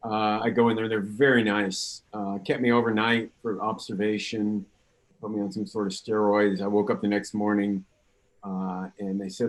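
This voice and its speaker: A man in his sixties from California, a patient guest telling his story in a lively, anecdotal way on a panel. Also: lowish voice, moderate pace, rough recording. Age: 60s.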